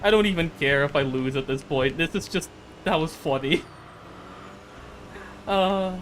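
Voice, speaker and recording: A man's voice: a little high, a little slow, pauses often, a bit bright, a little hiss or hum. A streamer, seemingly a man, giving casual commentary on a racing game, repeating phrases and breaking into fits of laughter.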